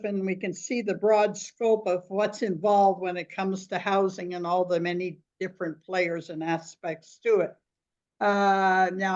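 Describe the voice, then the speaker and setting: A woman moderates an online webinar in a polite, gracious manner. Her audio sounds slightly dull. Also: mid-range voice.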